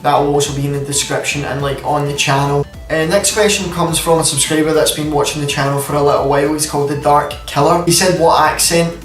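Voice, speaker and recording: This Scottish man in his twenties talks fast with few pauses and little pitch movement, his voice a little high. He hosts a YouTube gaming channel and is rambling casually through a Q&A vlog in a room at home at night, with many fillers. A tripod-mounted camera records him from afar, giving roomy, poor audio with faint music behind.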